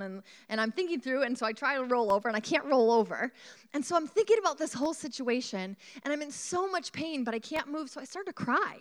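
A woman preaching a sermon, telling a personal story in an animated way and asking the congregation questions. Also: high-pitched, a little fast.

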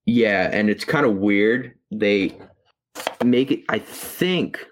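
A man co-hosting a podcast, reviewing a movie in casual chat, halting with many fillers and restarts. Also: on the low side. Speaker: podcast co-host.

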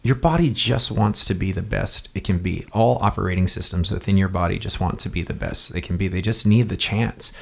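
A man's voice: low-pitched, fairly quick, gravelly, few pauses, breathy edge. A man hosting a podcast, talking earnestly and rambling, often repeating words as he goes. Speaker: podcast host. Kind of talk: casual conversation.

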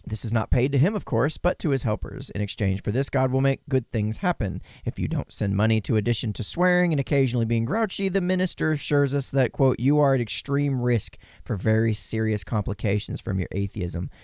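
A man's voice: mid-range voice, lively intonation, a little fast, vocal fry, few pauses, darkish tone, dry recording, clean studio sound. A man giving casual commentary, sarcastic and mocking, sometimes voicing quotes in exaggerated tones. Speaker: podcast commentator.

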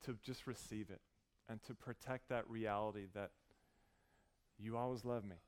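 A man in his thirties preaching a sermon, earnest and warm as he tells a story, with frequent restarts. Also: fairly low pitch, fairly even intonation, normal speed, clean tone. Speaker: pastor.

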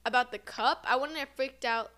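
A young woman, a podcast co-host, chiming in with quick laughing remarks during casual chat. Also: high voice, bright, forceful tone.

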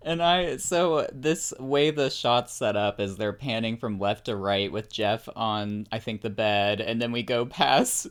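A podcast co-host chatting casually about an episode, easygoing and agreeable, with hesitant restarts and chuckles. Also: mid-range voice. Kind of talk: casual recap chat.

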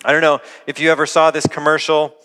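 A young man gives an earnest, conversational sermon, tossing rhetorical questions to his listeners. His voice sits high and bright. The sound rings with the long reverb of a large hall. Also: completely flat delivery, quick pace, clear, resonant tone. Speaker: pastor.

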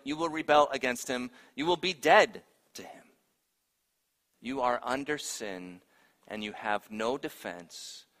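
A man preaching a sermon, swinging from hushed, grave lines to loud, emphatic ones. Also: medium pitch, long reverb tail. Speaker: pastor.

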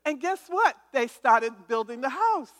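A woman's voice: high-pitched, very animated, measured pace. A woman giving an emphatic testimony sermon, calling for responses from listeners and often restarting words. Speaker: testimony speaker. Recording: hall reverb.

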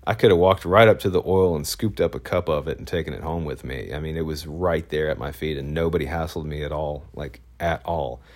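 A man's voice: rumbling low, brisk, few pauses, darkish tone. A man, a photojournalist, telling a story in a casual, rambling way, full of fillers and restarts.

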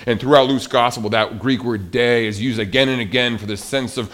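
Mid-pitched male pastor, chatty animated preaching that swings from hushed to loud. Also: brisk, hardly any pauses. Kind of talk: sermon.

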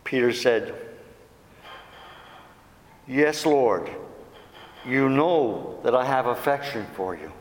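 A man's voice: medium pitch, expressive, slow, pauses often, reverberant, in a large hall. A man preaching a sermon as a deacon, reading scripture aloud with quoted dialogue.

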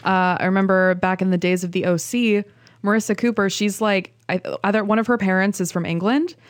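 A woman's voice: mid-range voice, fairly even intonation, fairly quick, no room sound, clean studio sound. A woman co-hosting a casual film podcast, talking in rambling, restarting sentences. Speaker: podcast co-host. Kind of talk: casual chat.

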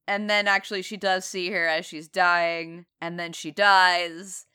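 A woman's voice: lowish voice, unhurried, few pauses, clear, resonant tone. A woman co-hosting a casual film review chat, retelling the plot sarcastically. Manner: sarcastic, animated retelling with laughs. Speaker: podcast co-host.

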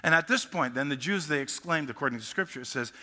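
A male pastor preaching with a bright, forceful tone, slightly high for a man. He speaks emphatically and often restarts his sentences. A long hall reverb hangs after each phrase. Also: lively intonation, fast talker. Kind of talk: sermon.

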